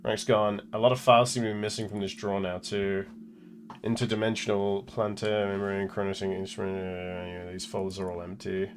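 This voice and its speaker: A man's voice: fairly low pitch, level tone, a little fast, a little hiss or hum. A young man streaming a game live, muttering commentary with swearing and mocking asides. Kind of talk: casual live gameplay commentary.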